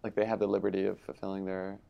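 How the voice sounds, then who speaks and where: A young man with a very deep voice with a heavy gravelly fry. He co-hosts an easygoing podcast chat and laughs often. He tosses teasing asides to the listeners. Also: monotone, fast, highs cut off. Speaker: podcast co-host. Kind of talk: casual conversation.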